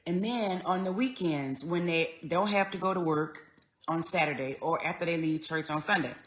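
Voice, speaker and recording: A woman telling a personal story in an earnest, conversational way, going soft and then raised as she relives moments. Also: on the low side, moderate pace, a little hiss or hum. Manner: earnest, conversational, swings between quiet and raised when retelling. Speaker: vlogger.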